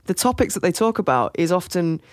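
A podcast co-host in casual chat, emphatic and quick to laugh. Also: medium pitch, big pitch swings, no echo, clean studio sound.

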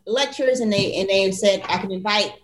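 A woman's voice: medium pitch, moderate pace, slight background noise. A woman, a physician and podcast co-host, telling a story in casual chat and acting out the dialogue in quoted voices. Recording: echoey room.

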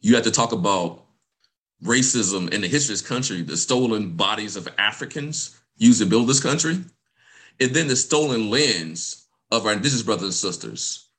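A man's voice: on the low side, expressive, normal speed, fairly bright tone. Emphatic man giving a passionate talk. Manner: emphatic, repeats phrases, often ends with "right?". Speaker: guest speaker. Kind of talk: passionate presentation.

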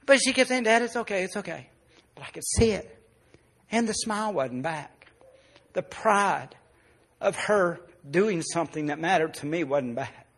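A male pastor preaching a sermon, telling a personal story and dropping soft and low in the emotional parts. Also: lively intonation, unhurried.

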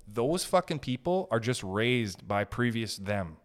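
A man hosting a solo podcast, telling stories in an animated, profane way and laughing as he talks. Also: medium pitch, a little slow. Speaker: podcast host.

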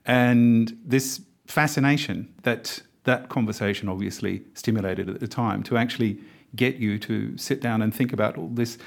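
A man hosting an interview, asking measured conversational questions. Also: medium pitch, creaky. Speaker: interviewer host.

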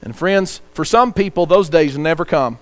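A man's voice: fairly high pitch, moderate pace. A man preaching a sermon, earnest, reading scripture aloud and telling a story to the congregation.

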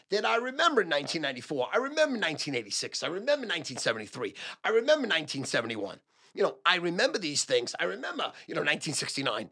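A man in his sixties who advises sports gamblers, talking to camera in a casual, loud, profane monologue and repeating phrases for emphasis. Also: on the high side, huge pitch swings, racing, gravelly, breathy edge.

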